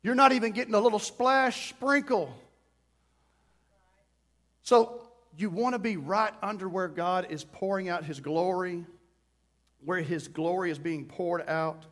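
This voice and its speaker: Guy preaching a sermon, fairly high voice, gets fired up and pleading, acts out little quoted bits. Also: a little slow, long pauses. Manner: impassioned preaching, rising to loud pleading prayer. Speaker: pastor.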